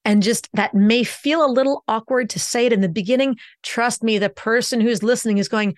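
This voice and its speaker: A woman, a communication coach and podcast guest, explaining her method in an instructive way. She slows down and speeds up to stress her points. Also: fairly high pitch, dry recording, clean studio sound.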